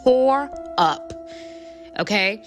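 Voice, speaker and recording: A woman's voice: fairly high pitch, expressive, drawn-out words, faint music behind. A woman talking casually to her viewers, telling a story in a chatty, rambling way with lots of fillers. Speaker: spiritual coach.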